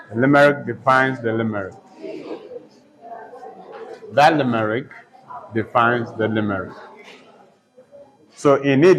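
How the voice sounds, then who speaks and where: Male teacher, slow dictation pace, spells terms out and repeats himself. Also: medium pitch, fairly bright tone, rough recording. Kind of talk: slow poetry lesson with dictation.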